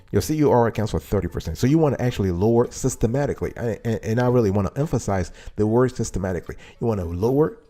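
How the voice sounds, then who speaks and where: A man's voice: fairly low pitch, mellow. A man hosting his own show, talking straight to his listeners in a casual, emphatic way, repeating his key points and asking them questions. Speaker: host. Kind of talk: casual talk-show monologue.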